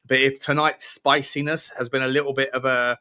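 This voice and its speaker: A young man hosting a livestream, energetic and rambling with restarts. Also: medium pitch, a little fast, clear, resonant tone. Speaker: livestream host. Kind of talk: casual livestream chat.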